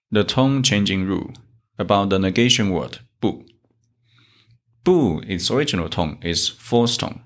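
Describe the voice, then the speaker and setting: A man from China with a Chinese accent, teaching a Chinese lesson in English and reading the examples slowly. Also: fairly low pitch. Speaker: Chinese teacher, podcast host. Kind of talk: slow, methodical language lesson.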